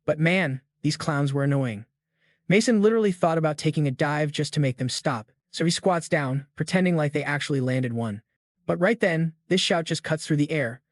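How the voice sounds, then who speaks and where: Man, story recap narration, slang-heavy, jokey asides, slightly high, dry. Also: animated, normal speed, dry recording.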